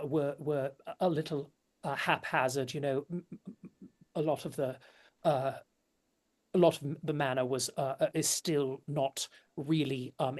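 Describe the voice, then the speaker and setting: In a tabletop role-play, a low-voiced woman plays a flustered noble hostess who stammers her way through fussy, polite speech.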